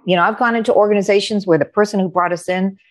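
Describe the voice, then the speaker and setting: This middle-aged woman coach talks rapid-fire at a medium pitch as an interview guest. Her storytelling is animated and conversational, complete with acted-out dialogue from others.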